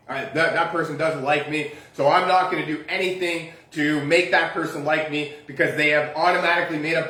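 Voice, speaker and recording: Male self-help speaker, high-pitched, chatty and rambling, echoey room. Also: fairly bright tone. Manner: rambling, frequent "right?" tags and restarts; chuckles often while talking. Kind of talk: casual motivational talk.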